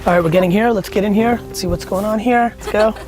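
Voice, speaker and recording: With music playing behind him, a man with a high, fast voice vlogs his day and delivers a motivational talk that is blunt, intense and laced with swearing. He is an entrepreneur who vlogs and speaks at conferences, and the clip mixes casual vlog chatter with a motivational speech.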